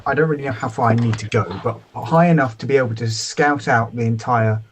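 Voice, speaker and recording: A man's voice: mid-range voice, a little fast, husky. A man playing a tabletop game, describing his character's actions with some hesitation. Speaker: player.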